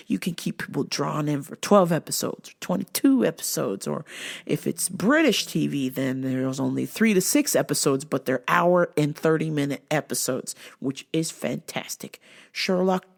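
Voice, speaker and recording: A woman's voice: deep voice, vocal fry. A woman hosting a casual vlog, telling exasperated stories full of profanity. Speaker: vlog host and store worker.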